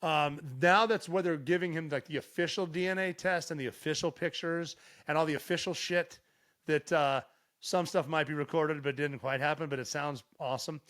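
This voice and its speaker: A middle-aged man from Montana, a podcast guest telling stories in casual chat with plenty of swearing. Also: on the high side. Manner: profane, animated storyteller. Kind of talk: casual storytelling.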